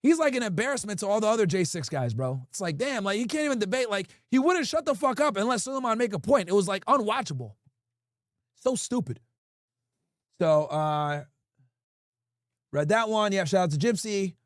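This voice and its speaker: High-voiced blunt male streamer. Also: animated, normal speed, no room sound, clean studio sound. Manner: blunt, profane, talks straight to chat. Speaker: livestream host. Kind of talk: casual livestream chat, reading viewer comments.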